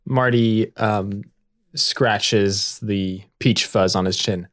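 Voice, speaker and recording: A man narrating a tabletop game as game master, lively and quick to laugh. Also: fairly low pitch.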